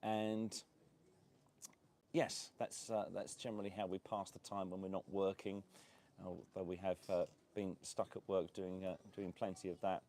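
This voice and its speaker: A man's voice: low voice, level tone, normal speed, mellow. A man hosting a casual live stream from an outdoor beachside cafe, chatting in a rambling way with lots of fillers and frequent laughs. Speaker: host of a property and lifestyle channel.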